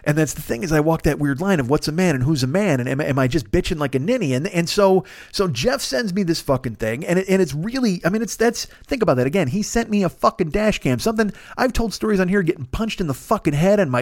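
Man, rants fast and swears a lot, picks on himself, pitch a bit high. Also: no room sound, clean studio sound. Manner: profane, self-deprecating rant. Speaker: podcast host. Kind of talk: solo podcast monologue. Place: Los Angeles.

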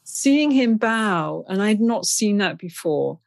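A woman's voice: mid-range voice, expressive, takes it slowly, creaky, dry recording. A woman from England, a guest in an interview, telling stories in a chatty, anecdotal way and laughing often. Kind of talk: storytelling in a conversation.

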